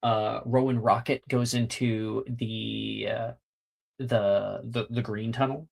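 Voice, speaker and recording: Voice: medium pitch, steady tone, slow, gravelly. A game master narrating a tabletop game, rambling with many fillers and casual swearing.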